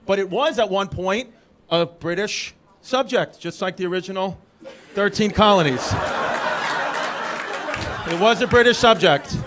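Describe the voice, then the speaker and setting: His voice sits high, a little slow, with frequent pauses, as this New York-accented comedian from Brooklyn teases the crowd from a club stage. The crowd work is brash and full of rambling asides. Captured live, the recording carries the audience's laughter.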